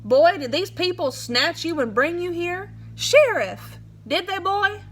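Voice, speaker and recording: A woman's voice: very high-pitched, animated, a little slow, a bit bright, a little hiss or hum, voice pushed up, full character voice. A woman reading aloud as a suspicious, blunt small-town sheriff who fires accusing questions. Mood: pressing. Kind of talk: storybook read-aloud.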